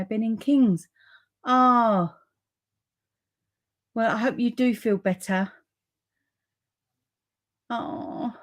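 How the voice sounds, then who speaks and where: A woman hosting a live papercraft demonstration at home, chatting and rambling in friendly asides as she reads out viewer comments. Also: medium pitch. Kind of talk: live crafting stream, reading viewer comments. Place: room upstairs at home.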